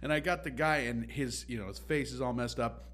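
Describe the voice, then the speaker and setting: A man telling a story in a relaxed, animated way, acting out the other people's lines. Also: medium pitch, brisk. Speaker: podcast guest. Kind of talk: casual storytelling.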